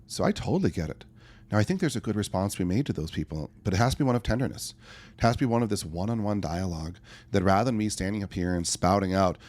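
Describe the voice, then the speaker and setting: A middle-aged man who works as a life coach talks fast on a podcast in a fairly low, slightly mellow voice with a sing-song lilt. He answers conversationally and earnestly, telling stories punctuated by acted-out asides.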